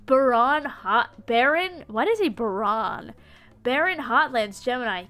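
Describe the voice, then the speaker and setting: A woman's voice: a little high, animated, a little slow, a bit bright, faint music behind. A woman streaming a game live, playful and giggly, chatting with her viewers and reading character lines in silly voices. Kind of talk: live gameplay commentary.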